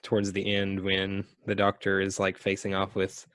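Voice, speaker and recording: A man co-hosting a podcast in casual chat, relaxed and loose, with many fillers. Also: deep voice, moderate pace, smooth, no echo. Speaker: podcast co-host.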